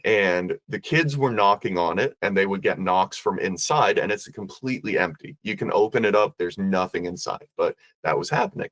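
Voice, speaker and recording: A man telling a ghost story as a podcast guest, animated and acting out the voices of the people in it. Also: low-pitched, moderate pace, few pauses, no room sound.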